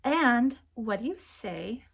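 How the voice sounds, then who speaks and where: Woman chatting about her stitching, gentle and teary, slips into whispers, bit of vocal fry. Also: on the high side, lively intonation, slow. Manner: soft, heartfelt, often dropping to a near whisper. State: emotional, near tears. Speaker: cross stitch channel host. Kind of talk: casual chat to camera.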